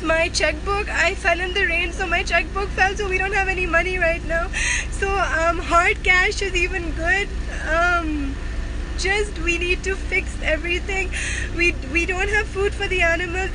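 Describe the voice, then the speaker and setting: A woman's voice: very high-pitched, noisy background. Tearful, exhausted woman on a phone. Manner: halting, many fillers and restarts. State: crying. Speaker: animal shelter worker. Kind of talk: live video appeal. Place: flooded street outdoors.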